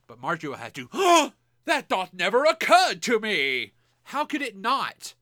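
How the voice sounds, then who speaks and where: A man co-hosting a podcast, chatting casually and excitably about a TV show, swearing freely and quickly voicing characters. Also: sits high, dry recording, studio quality. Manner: excitable, profane, does quick voices of characters. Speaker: podcast co-host. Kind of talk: casual chat recapping a TV show.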